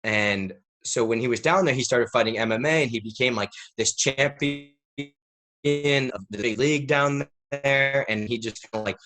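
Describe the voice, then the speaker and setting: Speaking at a moderate pace in a mid-range voice, a man in his thirties from the United States appears as a podcast guest. His story wanders in animated, casual interview style, sprinkled with "like."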